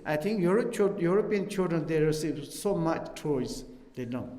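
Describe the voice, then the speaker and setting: A man's voice: fairly high pitch, expressive, mellow. Tibetan-accented man teaching in an echoey hall. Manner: halting, broken English with many fillers. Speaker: Buddhist teacher. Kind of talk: dharma teaching. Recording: echoey hall with long reverb.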